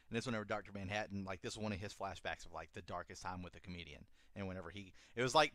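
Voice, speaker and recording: A man's voice: fairly low pitch, bright, forceful tone, no echo, studio quality. A young man co-hosting a podcast, retelling a story in a rambling, laid-back way, full of fillers and swearing. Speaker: podcast co-host. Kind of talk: casual chat.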